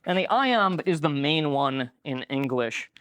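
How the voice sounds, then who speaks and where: Conversational male lecturer, higher voice. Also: animated, unhurried, a bit bright, clean tone. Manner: conversational, many filler words. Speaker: conference speaker. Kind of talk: conference lecture. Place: lecture room.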